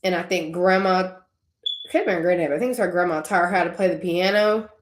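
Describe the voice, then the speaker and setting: With a lowish voice and a fairly quick pace, this young woman records a personal faith vlog in an echoey room. She talks casually through tears, tangent-prone and laughing between thoughts.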